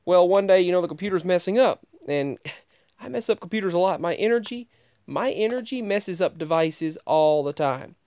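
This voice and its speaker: Give me a rambling man telling a casual story, his voice smooth and a bit high, with plenty of restarts. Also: animated, normal speed, a little mellow. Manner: rambling, digressive, frequent restarts.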